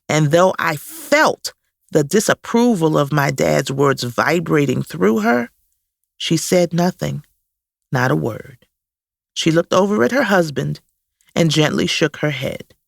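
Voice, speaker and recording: A woman reading her own memoir aloud in a slow, reflective first-person style, close to the mic. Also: low-pitched, animated, creaky, no echo. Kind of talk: audiobook memoir narration.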